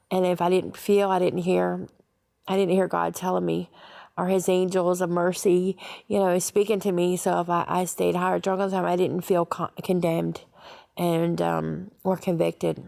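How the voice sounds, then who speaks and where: A woman giving a personal testimony, halting, with many fillers and restarts. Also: fairly low pitch, vocal fry, a little mellow. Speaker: testimony speaker.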